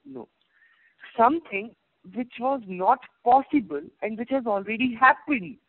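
A man doing a calm, unshaken rich shipowner. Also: very high-pitched, a little slow, dry recording, voice pushed up, exaggerated voice. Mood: reasoning. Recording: tinny phone-like line, dry.

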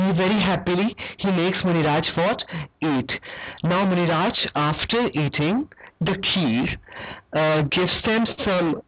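A woman's voice: lowish voice, a little slow. A woman telling a religious story to children, checking in with "okay?" and quizzing her listeners. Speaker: religious teacher. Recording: dull lo-fi recording.

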